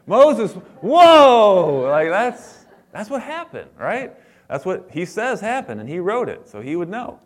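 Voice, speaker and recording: A man preaching a sermon as a pastor to his congregation, animated and playful, acting out the lines he quotes. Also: sits high, normal speed.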